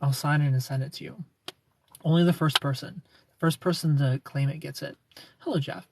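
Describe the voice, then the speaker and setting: A man's voice: on the high side, steady tone, normal speed, gravelly, background noise. A man hosting a casual livestream, greeting viewers and answering their comments in a playful, teasing, flirty way.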